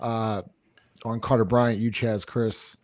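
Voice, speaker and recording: A man hosting a sports podcast, leading the chat in a relaxed, explanatory way with plenty of "uh" and "you know" as he works through his points. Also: fairly low pitch, slow, dry recording. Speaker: podcast host. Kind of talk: casual sports talk.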